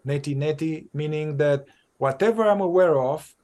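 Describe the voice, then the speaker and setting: A male psychotherapist with a somewhat higher voice for a man talks in an unscripted, conversational way. He is animated, thinking aloud and circling back through repeated phrases as he explains his methods. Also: normal speed. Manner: animated, acts out exchanges with clients. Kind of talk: conversational dialogue on spiritual practice.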